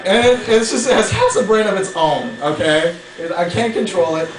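A man's voice: high voice, lively intonation, moderate pace. A man casually telling a funny personal story, hesitant and chuckling, with many fillers. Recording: roomy sound from a distance with crowd noise.

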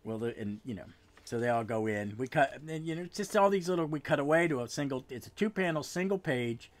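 A man's voice: mid-range voice, animated. Rambling man recapping a comic. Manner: rambling, halting, with frequent restarts and trailing asides. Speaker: podcast host. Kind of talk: casual comic book recap.

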